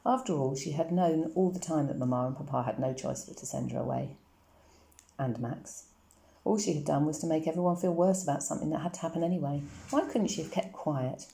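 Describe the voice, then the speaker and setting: A woman reading a children's novel aloud in a calm, measured storytelling manner, in an echoey room. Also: low-pitched, gravelly. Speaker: reader.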